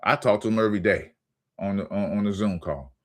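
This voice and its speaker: A man's voice: lowish voice, brisk. Heated, profane man ranting. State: angry. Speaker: sports channel host. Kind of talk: ranting sports commentary.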